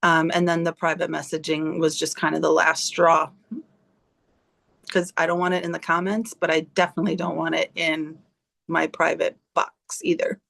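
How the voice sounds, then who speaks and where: A woman's voice: sits low, flat delivery, moderate pace, gravelly, fairly bright tone. Blunt, swearing woman on a video call. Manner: blunt, swears freely, emphatic. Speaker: team leader in direct sales. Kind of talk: heartfelt motivational talk to her team.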